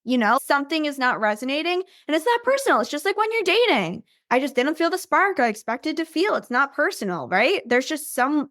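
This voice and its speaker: A woman's voice: high-pitched, fairly bright tone, dry recording, studio quality. A woman business coach giving an upbeat, chatty training and constantly checking in with "right?". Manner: acts out invitees in bubbly voices.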